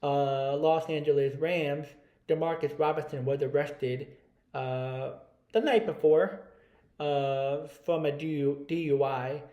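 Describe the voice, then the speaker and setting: A man's voice: on the high side, steady tone, takes it slowly, highs cut off. Man co-hosting, rambling sports chat. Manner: rambling, many "uh" fillers, checks stats live. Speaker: sports podcast co-host. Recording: roomy echo.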